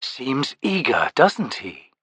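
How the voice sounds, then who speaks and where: A male narrator voicing an ancient, towering male lord who speaks quietly and with measured calm in an audiobook. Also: medium pitch, breathy edge, no echo, heavily acted. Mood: aloof. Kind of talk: audiobook character voice.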